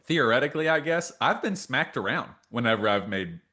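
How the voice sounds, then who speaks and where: A man in his thirties co-hosting a podcast, telling stories in casual chat and acting out the quotes loudly. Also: mid-range voice, a little fast. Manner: animated storyteller, acts out quotes loudly. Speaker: podcast co-host.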